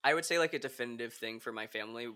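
A man's voice: medium pitch, very fast, sharp tone. A young man hosting a podcast, chatting in a giggly, gossipy way with lots of fillers. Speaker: podcast host. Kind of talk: casual chat.

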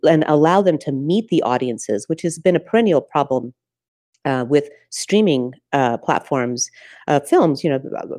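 A woman who works as a festival programmer, answering interview questions thoughtfully and often pausing on "uh" and "um". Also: sits low, animated, a little mellow, no echo, clean studio sound. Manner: thoughtful, searching, many "uh" and "um" pauses.

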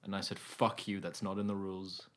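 A man's voice: low voice, little pitch movement, fairly quick. A man co-hosting a podcast, chatting casually in a joking, rambling way. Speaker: podcast co-host. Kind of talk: casual chat.

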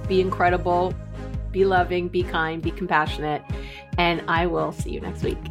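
A middle-aged woman hosting a relationship podcast, talking straight to listeners in a chatty, enthusiastic way and repeating words for emphasis. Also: on the low side. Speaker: podcast host, relationship therapist. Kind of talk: warm direct-to-listener podcast talk.

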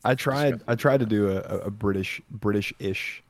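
A man's voice: fairly low pitch, normal speed, no echo. A man co-hosting a podcast, chatting casually with short, modest replies. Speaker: podcast co-host. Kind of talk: casual chat among friends.

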